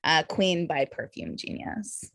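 Her voice is low and creaky, slow but with lively intonation, recorded at studio quality with no room sound. She's a Bay Area podcast guest from San Francisco with a Californian accent, bubbly and effusive, leaning on fillers and sounding a bit tipsy.

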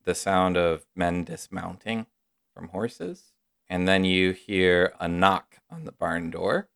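A man narrating a tabletop game as game master, unhurried and descriptive. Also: low voice, vocal fry, fairly bright tone, clean tone.

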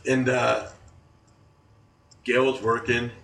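Man in his forties, casual host, animated storyteller, bright forceful voice, echoey room. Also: mid-range voice, slow pace, creaky, a little hiss or hum. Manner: animated, laughs through stories. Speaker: podcast host. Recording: roomy, distant mic.

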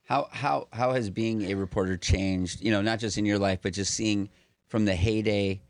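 A man co-hosting a relaxed interview, reacting with excitement and salty language. His voice is recorded close and dry. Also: on the low side, normal speed, no room sound. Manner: excitable, swears freely. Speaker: podcast co-host. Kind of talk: casual interview chat.

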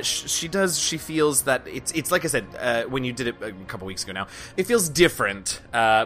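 A man narrating as game master of a tabletop game, playful and animated, with a lot of filler "uh" between phrases. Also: mid-range voice.

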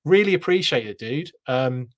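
A man's voice: mid-range voice, lively intonation, normal speed. Chatty, self-deprecating male stream host. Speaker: live stream host reading chat. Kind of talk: casual live stream chat.

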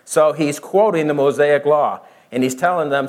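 A man leads a Bible study verse by verse, explaining at a slow pace, quizzing his listeners, and dramatizing each side of the argument. His voice is fairly high in pitch with a darkish tone.

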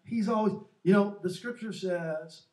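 A man with a high-sitting voice speaks unhurriedly as co-host of a Christian talk show, earnestly telling faith stories and animatedly acting out quotes. The room echoes and he's far from the microphone.

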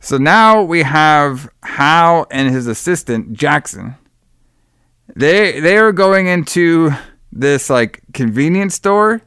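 A man co-hosting a horror-movie podcast recaps plot points in a loose, rambling way, laughing and swearing as he goes. His voice is smooth and clear. The recording is dry and close to the mic. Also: on the high side, lively intonation, slow pace, fairly bright tone, dry recording. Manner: rambling, profane, laughs often. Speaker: podcast co-host. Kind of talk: casual movie-review chat.

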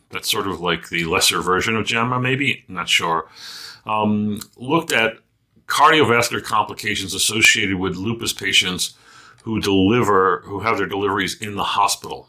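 Guy hosting a medical podcast, lowish voice but bright, rambly, lots of ums and asides. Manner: chatty, loose, many fillers and asides. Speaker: podcast host, physician editor. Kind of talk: casual medical news podcast.

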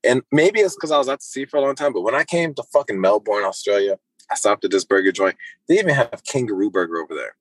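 Laid-back, swearing co-host on a phone. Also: male voice, fairly low pitch, animated, fast talker, fairly bright tone, no room sound, poor audio. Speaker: podcast co-host. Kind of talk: casual podcast chat.

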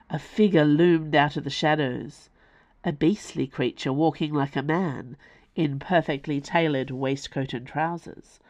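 A woman narrating her own novel in a wry, expressive storytelling manner. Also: low-pitched, dry recording. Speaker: author and narrator. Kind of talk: audiobook narration.

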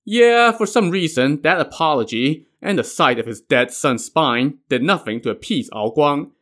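A man's voice: on the high side, expressive, normal speed, fairly bright tone. A man narrating a myth as a casual storyteller, with wry, conversational asides. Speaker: podcast narrator.

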